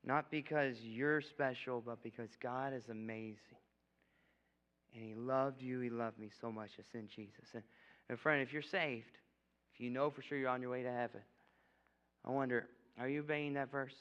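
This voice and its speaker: Young man, sermon, bright, smooth, long hall echo, muffled sound. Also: mid-range voice, steady tone, moderate pace. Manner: casual, joking, frequent "okay?" asides. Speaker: guest preacher. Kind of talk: sermon with altar call. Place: church sanctuary. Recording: echoey hall, dull lo-fi sound.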